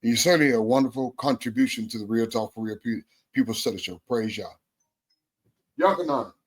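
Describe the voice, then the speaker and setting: A man's voice: medium pitch, fairly quick, slightly rough. Effusive male talk show host. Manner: effusive, repeats praise phrases.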